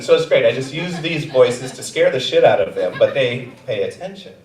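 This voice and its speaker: A man's voice: mid-range voice, sing-song, fast talker, few pauses. A young man doing stand-up comedy, telling stories animatedly and jumping into voices. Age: young adult. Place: comedy theater stage. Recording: roomy theater sound from a distant mic.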